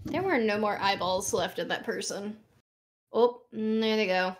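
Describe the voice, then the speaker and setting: A woman's voice: medium pitch, moderate pace, background noise. A woman streamer chatting casually during a watchalong, giggling often and swearing freely.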